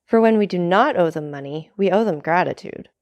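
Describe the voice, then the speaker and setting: A woman's voice: on the low side, animated, fairly quick, darkish tone, close to an everyday voice. A woman reading aloud, voicing an earnest young male sailor who speaks to his father in an ardent, pleading way, in a storybook.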